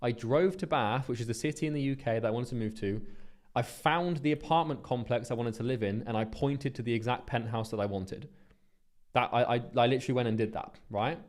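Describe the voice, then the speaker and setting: A man's voice: mid-range voice, brisk. A man, talking earnestly and bluntly in a motivational vlog monologue, swearing freely and restarting his sentences. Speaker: business coach.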